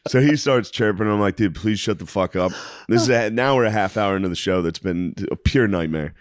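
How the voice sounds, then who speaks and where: A man's voice: lowish voice, fairly quick, no room sound, clean studio sound. A man who co-hosts a podcast and does stand-up, telling a profane story in casual chat, laughing often and acting out the people in it. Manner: profane, laughing, acts out people in his stories. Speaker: podcast co-host and stand-up comedian.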